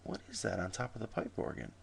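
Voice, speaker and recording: A man's voice: lowish voice, huge pitch swings, quick pace, vocal fry, slight background noise, voice pushed up, full character voice. A man playing a concerned country pastor who talks earnestly.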